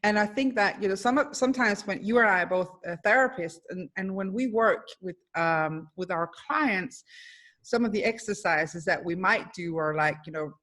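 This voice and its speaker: A woman psychologist hosts a relaxed webinar conversation, talking over a video call. She speaks at a mid pitch, in an effusive way, with plenty of fillers and restarts. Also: normal speed. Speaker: host, psychologist.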